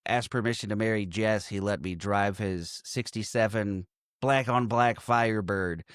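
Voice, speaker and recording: A man's voice: fairly low pitch, moderate pace, clean tone, no room sound, studio quality. A man in his thirties, co-hosting a casual movie-review chat, who laughs a lot and retells scenes by quoting the characters. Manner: laughs often, retells scenes with quoted lines. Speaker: podcast co-host.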